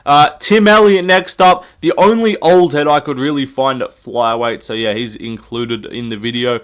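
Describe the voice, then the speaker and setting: A man's voice: medium pitch, normal speed, fairly bright tone. A young man, rambling through jokey, sweary sports commentary and laughing at himself. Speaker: YouTube MMA commentator. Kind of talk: casual comedic commentary.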